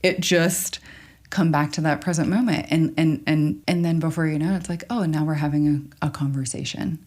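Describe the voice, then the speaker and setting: A woman with a notably low voice, a therapist guest in a podcast interview. She speaks in an emphatic, affirming way and talks quickly in bursts. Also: steady tone, darkish tone. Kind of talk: conversational interview.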